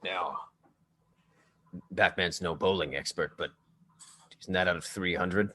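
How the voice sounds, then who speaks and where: A performer plays Batman, gruff and deep, who grills suspects at a murder-mystery party. The growl sits far below normal speech and comes in slow, deliberate questions. The style is improvised comedy. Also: fairly bright tone.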